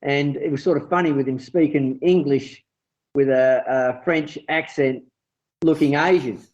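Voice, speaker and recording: A man hosting a casual sailing podcast, chatting in a relaxed, storytelling way. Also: medium pitch, a little slow. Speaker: podcast host. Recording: muffled lo-fi audio.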